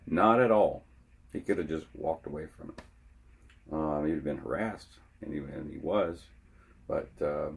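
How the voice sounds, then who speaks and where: Man with an unusually low voice, slow and halting, for a casual opinion vlog. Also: breathy edge. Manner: halting, frequently restarting his sentences. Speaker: vlogger.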